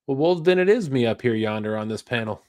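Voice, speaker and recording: A man's voice: medium pitch, expressive, fast, a little mellow, dry recording. Guy reading comments on a fishing stream, medium voice, laid back. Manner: easygoing, laughs between comments. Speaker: livestream co-host reading chat. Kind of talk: reading viewer comments aloud.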